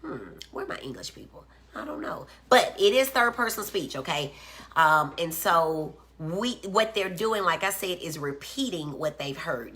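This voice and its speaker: A woman's voice: low-pitched, animated, normal speed, fairly bright tone. A woman giving a casual livestream lecture as a doctor, explaining things and checking in with her viewers. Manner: chatty, explains and checks in with "okay?", greets viewers by name. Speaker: doctor teaching about autism on a livestream.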